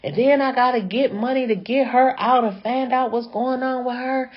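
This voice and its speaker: An exasperated, fed-up sister rants and vents, her voice pushed high and complaining, as a woman puts her on while telling a story. The audio is dull and lo-fi. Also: fairly even intonation, natural voice. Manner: high-pitched, complaining, rapid venting.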